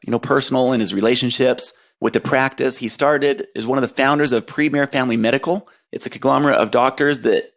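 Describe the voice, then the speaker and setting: Earnest male podcast host. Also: medium pitch. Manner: earnest, enthusiastic, praising. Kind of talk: podcast interview intro.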